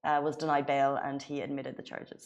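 A woman co-hosting a casual news chat show, talking in a chatty way with quick asides and easy laughter. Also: very deep voice, little pitch movement, vocal fry, lo-fi sound. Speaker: show co-host.

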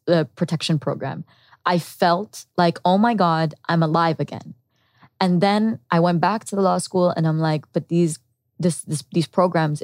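A woman's voice: on the low side, darkish tone, no echo. A woman guest on a podcast, earnestly and candidly telling her personal story and acting out her past thoughts. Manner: earnest and reflective, with quoted inner thoughts.

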